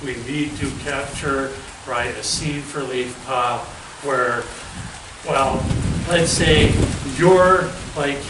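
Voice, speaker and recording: A man's voice: medium pitch, slow pace, noisy background. Rambling male host, far off in an echoey room. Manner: rambling, keeps asking "right?". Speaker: interviewer host. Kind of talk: casual interview.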